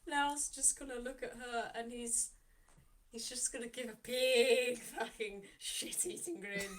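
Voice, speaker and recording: A woman's voice: fairly high pitch, a little slow. A woman playing a tabletop game, animatedly describing her character's actions and laughing often. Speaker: player.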